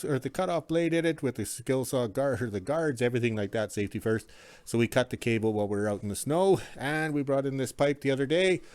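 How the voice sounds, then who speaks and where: A man's voice: medium pitch, darkish tone, smooth, no echo. A man rambling in a folksy, casual way as he shows his workshop and yard. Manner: rambling, folksy, self-correcting. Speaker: vlogger, homesteader. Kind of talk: casual walk-around narration. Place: workshop and yard in the cold north.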